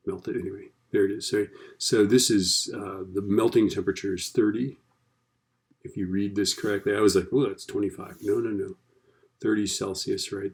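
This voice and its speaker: A man's voice: deep voice, vocal fry. A man teaching a recorded lesson in a chatty, casual way, often checking in with "right?". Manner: chatty, keeps asking "right?".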